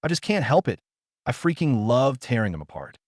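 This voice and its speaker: A man's voice: medium pitch, sing-song, brisk, a little mellow, dry recording, clean studio sound. A man voicing a savage, unhinged teenage brawler who snarls his taunts. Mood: manic. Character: unhinged male teen brawler, savage and proud.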